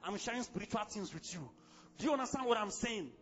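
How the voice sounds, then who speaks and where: A man with a Nigerian accent preaching a sermon as pastor, fiery and exclamatory, breaking into sudden shouts. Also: sits high, animated, quick pace, lo-fi sound.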